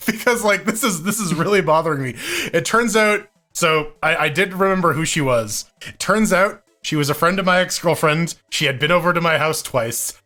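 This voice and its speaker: Bright-voiced man telling stories, laughing. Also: high-pitched. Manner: laughing, profane, stammering storyteller. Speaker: co-host. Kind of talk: casual podcast banter.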